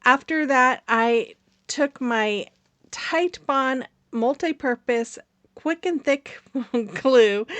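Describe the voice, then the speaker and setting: A woman's voice: fairly high pitch, a bit bright, no echo. A woman hosting a craft channel, narrating her project in a casual, rambling voice-over with many fillers and frequent laughs.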